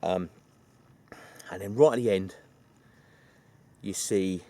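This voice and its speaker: A man's voice: low-pitched, slow pace, long pauses, mellow. A man retelling a film plot in a rambling, chatty way, full of asides. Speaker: film reviewer.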